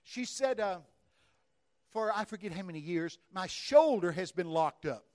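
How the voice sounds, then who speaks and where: A man preaching a charismatic healing sermon and praying, fervent and emphatic, telling stories with loud exclamations. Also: sits high, animated, measured pace.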